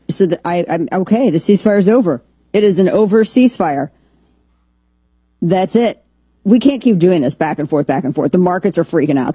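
Husky-voiced woman hosting opinionated commentary. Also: fairly low pitch, animated, brisk, mellow, dry recording. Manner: opinionated, rambling with frequent restarts. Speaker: podcast host. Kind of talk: political commentary.

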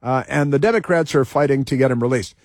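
A man's voice: mid-range voice, fast, darkish tone, dry recording, clean studio sound. A male talk radio host giving combative commentary, repeating phrases for emphasis.

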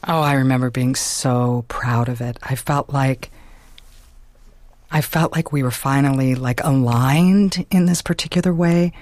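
A woman's voice: very deep voice, measured pace, darkish tone, no room sound. A woman being interviewed, talking casually and chattily with lots of "like". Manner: chatty, peppered with "like" and laughs. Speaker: interview guest. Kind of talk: casual conversation.

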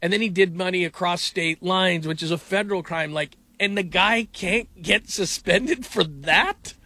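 A middle-aged man hosting casual sports talk, animated and incredulous, rambling with restarts. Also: high voice, normal speed, no room sound.

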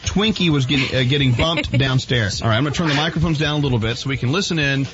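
A man's voice: medium pitch, quick pace, fairly bright tone, muffled recording, faint music behind. A male radio host telling a story in an eager, chatty way. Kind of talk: radio show chat.

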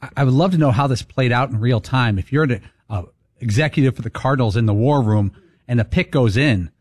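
A man's voice: mid-range voice, a little fast, no room sound, clean studio sound. A man co-hosting a casual radio show, thoughtful and a little hesitant at the start of his points. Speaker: radio co-host. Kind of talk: casual studio chat.

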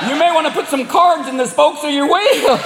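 A man voicing a crude, loud male small-town gas station attendant. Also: extremely high pitch, brisk, very noisy, voice pushed up. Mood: mocking. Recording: echoey hall with loud crowd.

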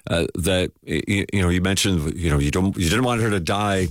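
A man hosting an interview, asking questions haltingly and restarting as he searches for his words. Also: low voice, dry recording, studio quality. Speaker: interview host.

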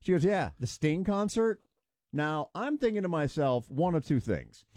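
A man's voice: on the high side, normal speed, no echo, clean studio sound. A man co-hosting a radio show, telling a story in casual on-air banter and acting out the quotes. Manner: animated storyteller, acts out quotes.

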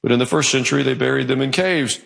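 A male pastor preaching a sermon in a church, telling the story with animated delivery. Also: mid-range voice, fast talker, vocal fry. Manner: animated storytelling, acting out quoted voices. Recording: long hall reverb.

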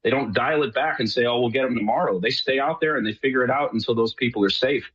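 A man's voice: medium pitch, fast, fairly bright tone, husky, lo-fi sound. A middle-aged man from New York, a guest talking earnestly in a rambling way, often restarting his sentences. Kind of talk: casual remote interview.

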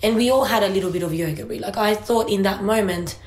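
A woman's voice: mid-range voice, quick pace. A woman with a mid-range voice chats about parenting with her co-host. She tells a family story in plain conversational tones and acts out the lines of the people in it. Her voice rings in an echoey room with a faint background hiss. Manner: storytelling, acts out her child and sister in quotes. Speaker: podcast co-host. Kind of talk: casual parenting chat.

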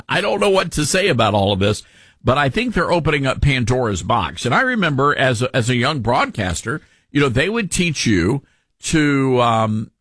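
Husky Southern talk radio host. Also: male voice, medium pitch, no echo, clean studio sound. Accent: mild Southern US. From Tennessee. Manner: folksy, opinionated, animated.

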